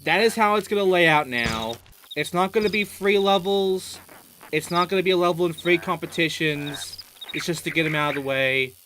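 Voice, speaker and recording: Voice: medium pitch, normal speed, a bit bright, slight background noise. A gaming host giving let's play commentary, ranting in a profane, exasperated way.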